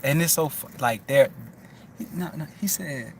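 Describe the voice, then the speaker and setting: A man's voice: fairly high pitch, normal speed, slight background noise. A man hosting a loose, casual chat, talking in a rambling, profane way with many restarts.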